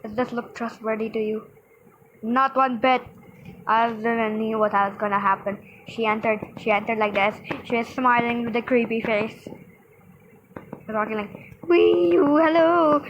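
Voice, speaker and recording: A woman's voice: a little high, fairly bright tone. Young girl narrating a phone game. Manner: storytelling, playful, acts out characters with sound effects. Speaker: gaming vlogger. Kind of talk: casual game commentary. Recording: dull lo-fi sound with faint background noise.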